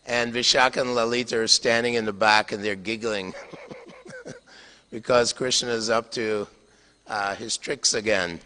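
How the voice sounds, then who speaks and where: An older man tells a sacred story to an audience in a tone that is bright and forward. He pauses often, chuckling and clearing his throat. His voice carries a long reverb through a temple hall. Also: fairly low pitch, steady tone. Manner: halting, with frequent fillers, chuckles and throat clearing. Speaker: lecturer on scripture. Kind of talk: storytelling scripture lecture.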